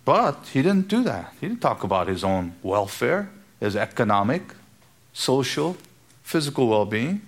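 A man's voice: medium pitch, big pitch swings, a little slow, husky. A man preaching an expository sermon, walking through a Bible passage and acting out everyday speech in quoted asides. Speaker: pastor.

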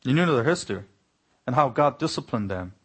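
Male pastor, husky tone, earnest sermon delivery with emphatic rises. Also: mid-range voice, lively intonation, a little fast, fairly bright tone. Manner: earnest preaching, rising to exclamations.

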